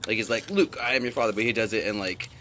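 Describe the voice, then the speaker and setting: A man's voice: on the low side, quick pace, sharp tone, slight background noise. A man co-hosting a casual chat with friends, laughing often and swearing freely.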